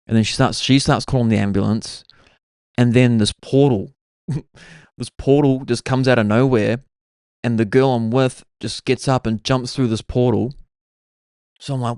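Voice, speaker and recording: A man's voice: medium pitch, fairly even intonation, moderate pace, pauses often, darkish tone, clean tone, dry recording, clean studio sound. A man, hosting his own podcast and rambling through stories in a casual way, full of "like" and "bro". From New Zealand. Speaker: podcast host. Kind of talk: casual solo storytelling.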